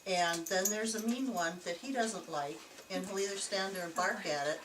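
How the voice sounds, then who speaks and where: A woman's voice: medium pitch, moderate pace, recorded from a distance, background noise. Chatty woman, echoey camcorder audio. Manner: chatty and animated, laughs easily. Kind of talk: casual storytelling to investigators. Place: indoors in an old jail building.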